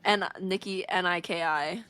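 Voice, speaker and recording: A woman's voice: on the low side, steady tone, a little slow, pushed and bright, clear, resonant tone. A young woman hosting a podcast in casual chat, easygoing and a bit hesitant, often correcting herself. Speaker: podcast host.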